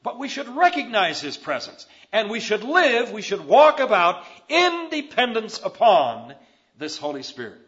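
Emphatic male preacher, lively pitch. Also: a little slow, dull audio. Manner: emphatic, rising to loud stresses. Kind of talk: sermon.

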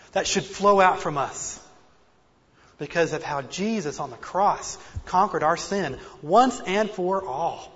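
Husky high-voiced man preaching in a hall. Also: animated, takes it slowly. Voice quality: slight speech impediment. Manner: earnest, self-deprecating, varies loudness for emphasis. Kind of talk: sermon. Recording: dull lo-fi recording in a reverberant hall.

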